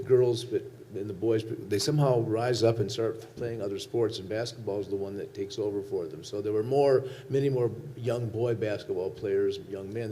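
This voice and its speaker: A man's voice: fairly low pitch, dark tone. A man answering audience questions on a panel, earnest and rambling with frequent restarts. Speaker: filmmaker on a panel. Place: law school auditorium.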